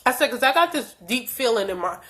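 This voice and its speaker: Woman, young adult, bright tone, slightly high voice, blunt and profane storytelling, stuffy nose. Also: lively intonation, fast talker. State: stuffy from allergies. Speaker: vlogger. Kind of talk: storytime vlog.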